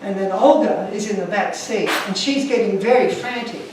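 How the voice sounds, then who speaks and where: A man with a high-sitting voice gives an emotional, earnest talk to an audience at a normal speed, telling stories alongside slides. He's recorded from far off in an echoey room with a noisy background.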